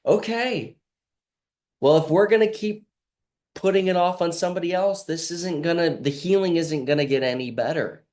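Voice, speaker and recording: A man's voice: a little high, normal speed, darkish tone. A man speaking as a healing practitioner in a casual motivational monologue, earnest and rambling, with frequent restarts and lines he acts out himself.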